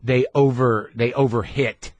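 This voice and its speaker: A man's voice: mid-range voice, fairly even intonation, unhurried, a little mellow, no echo, lo-fi sound. A man hosting a podcast in casual interview chat, reflective and swearing offhandedly, recorded in a garage studio. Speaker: podcast host.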